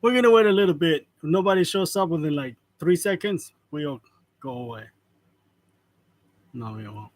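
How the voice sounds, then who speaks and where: A man's voice: a little high, animated, moderate pace, long pauses. A man in his forties hosting a casual live stream, greeting viewers by name and chuckling often between remarks. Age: 40s. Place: print shop. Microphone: wireless lavalier.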